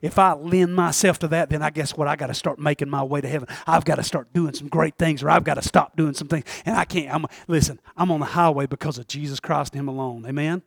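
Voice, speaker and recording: A man preaching a sermon, calling for amens and swinging between shouts and hushed asides. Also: on the high side, fairly even intonation, fast, vocal fry, hardly any pauses, no echo, studio quality. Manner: calls for amens from the congregation. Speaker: pastor.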